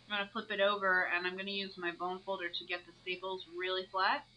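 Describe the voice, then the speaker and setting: A woman's voice: medium pitch, pushed and bright, low-quality recording. A woman narrating her own crafting video, explaining each step as she works.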